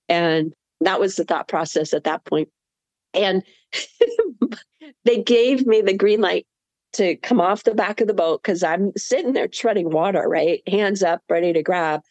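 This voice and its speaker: A woman guest in an interview, telling a vivid story with laughter and animated asides. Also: medium pitch, moderate pace, no room sound. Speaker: marathon swimmer guest.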